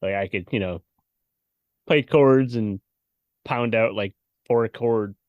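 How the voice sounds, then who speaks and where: A man's voice: on the low side, slow pace, no echo, phone-quality sound. A man co-hosting a podcast, laid-back and jokey, swearing casually in chat. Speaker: podcast co-host.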